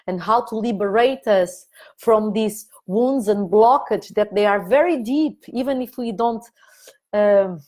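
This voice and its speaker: Slow, gentle-spoken woman coach. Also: medium pitch. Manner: gentle, repetitive, soothing instructions. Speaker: consciousness coach leading an online meeting. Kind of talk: live online talk guiding an inner-child exercise. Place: online meeting.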